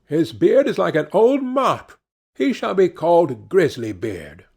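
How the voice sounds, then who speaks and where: A man voicing a proud, haughty young princess in an audiobook fairy tale, raising his pitch for her. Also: big pitch swings, takes it slowly, vocal fry, a little mellow, breathy edge, full character voice. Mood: mocking.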